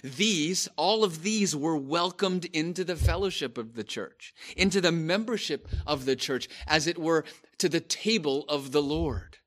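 Slow, emphatic male preacher. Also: fairly high pitch, fairly bright tone. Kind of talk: sermon.

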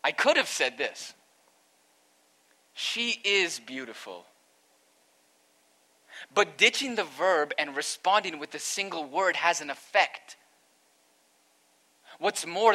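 A man's voice: high voice, animated, takes it slowly, pauses often, sharp tone. A man, a pastor, preaching an earnest expository sermon that rises to emphatic peaks.

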